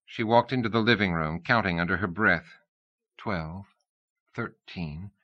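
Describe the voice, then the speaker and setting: A man reading an audiobook in steady, even storytelling narration. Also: low-pitched, a little fast, muffled recording.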